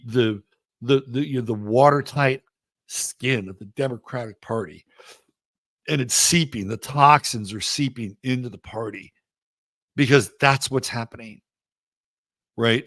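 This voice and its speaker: A man's voice: mid-range voice, fairly bright tone, no echo. A man hosting a live astrology show, talking casually and emphatically with rambling asides. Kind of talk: casual live-stream commentary.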